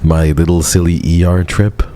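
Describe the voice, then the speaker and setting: A man streaming casually, speaking softly in a subdued monotone while sparing a sore throat. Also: low voice, normal speed. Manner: soft-spoken and subdued, flat monotone delivery. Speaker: VTuber streamer. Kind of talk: casual livestream chat.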